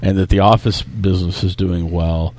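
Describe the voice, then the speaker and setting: A man's voice: low-pitched, steady tone, moderate pace, a little mellow, no echo. A man co-hosting a casual tech podcast, thinking aloud in an analytical way. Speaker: podcast co-host.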